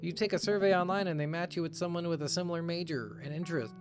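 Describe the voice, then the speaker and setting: A man's voice: a little high, quick pace, pitched above the performer's own voice, close to an everyday voice. A man voicing an eager teenage girl about to leave for college, with game music playing behind. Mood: excited. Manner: bubbly and excited.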